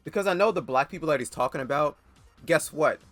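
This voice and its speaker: A man's voice: a little high, quick pace, a bit bright, faint music behind. A man giving blunt, sarcastic reaction commentary, swearing often and stammering into rants. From United States.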